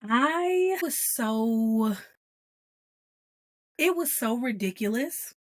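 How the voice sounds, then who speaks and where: A woman, hosting a casual TV review chat, animated and laughing as she acts out quotes. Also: on the high side, very slow, no room sound, clean studio sound. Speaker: podcast host.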